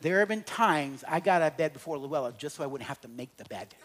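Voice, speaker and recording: A middle-aged man speaking to an audience about relationships, telling humorous stories and swinging between loud and quiet. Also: on the high side, expressive, quick pace, slight background noise. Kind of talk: humorous storytelling talk to an audience.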